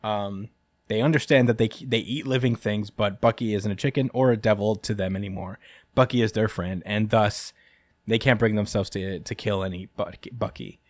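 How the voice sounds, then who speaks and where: A man's voice: on the low side, moderate pace, dry recording. A chatty man with a dry, close sound. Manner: rambling and chuckling, many fillers. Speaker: podcast host. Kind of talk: casual chat recapping a manga chapter.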